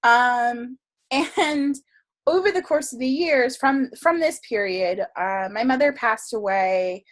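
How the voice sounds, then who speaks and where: A woman's voice: fairly high pitch, lively intonation, slow. A woman guest telling a story in a casual interview, chatty and full of fillers, laughing often. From Florida. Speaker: guest, tarot reader and writer.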